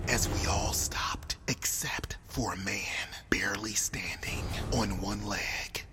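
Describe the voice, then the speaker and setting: A woman giving whispered narration of an animated story in a hushed, breathy way, over background music. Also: a bass voice, slow, hardly any pauses. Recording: music playing behind.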